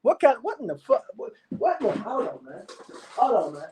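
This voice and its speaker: A man's voice: very high-pitched, huge pitch swings, fairly quick, a little mellow, a little hiss or hum. A man hosting a livestream, talking in a rambling, profane way with laughing asides. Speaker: livestream host. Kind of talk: casual rambling livestream talk.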